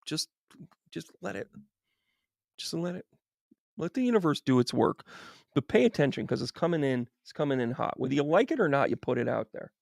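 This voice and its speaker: Gravelly, chummy male psychic medium. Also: a little high, a little fast, pauses often, no room sound, studio quality. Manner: animated and chummy, laughing often, addressing viewers by name. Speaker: psychic medium reading tarot. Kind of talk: live-stream tarot reading, chatting with viewers.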